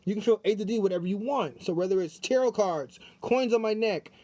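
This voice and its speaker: A man's voice: high voice, brisk, darkish tone, no room sound. A man doing a casual spiritual tarot card reading, chatty and repetitive, talking straight to his viewers. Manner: chatty, repeats himself, talks straight to viewers. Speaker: tarot reader.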